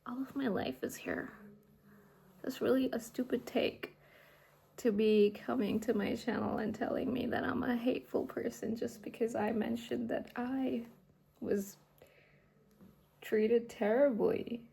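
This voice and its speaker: A woman's voice: fairly high pitch, fairly even intonation, unhurried, vocal fry, pauses often, dark tone, slight background noise. A young woman from India, a Hindi speaker, talking candidly to her camera in a rambling, casual way, often dropping to a half-whisper. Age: young adult. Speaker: vlogger and artist. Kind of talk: casual vlog talk to camera.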